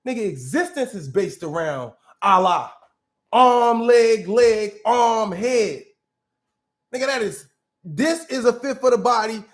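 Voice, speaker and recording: A man with a high-pitched voice hosts a casual reaction commentary. He argues bluntly and with plenty of profanity, doubling back and restarting his sentences as he works through each point. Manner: blunt, profane, argumentative, restarts mid-thought. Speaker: commentary show host.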